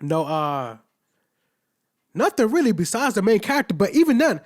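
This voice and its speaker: A young man with a slightly high-set voice talks through an anime episode in a loose, slang-heavy ramble. He swears freely and drops conversational asides as he recaps the plot, casual and unscripted. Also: big pitch swings, normal speed, darkish tone. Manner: loose and slangy, heavy profanity, frequent "you know what I'm saying" asides. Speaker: anime reviewer.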